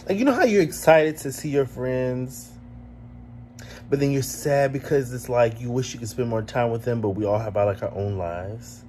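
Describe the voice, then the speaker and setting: A man's voice: medium pitch, normal speed, mellow, a little hiss or hum. A man hosting his own vlog, talking in a casual, reflective and emotional way, rambling with lots of "like" and just woken up. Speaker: vlogger host.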